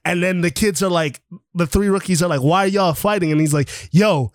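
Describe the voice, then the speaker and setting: A man hosting a podcast over an online call, casually retelling a comic book plot in an animated way, swearing freely and acting out the characters' lines. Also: high voice, a little fast, no echo, clean studio sound. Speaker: podcast host.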